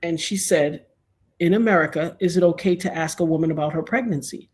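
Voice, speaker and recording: A middle-aged woman telling a personal story in a casual, animated way, acting out the other people's lines as she goes. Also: fairly low pitch, brisk. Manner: animated, acts out quoted dialogue.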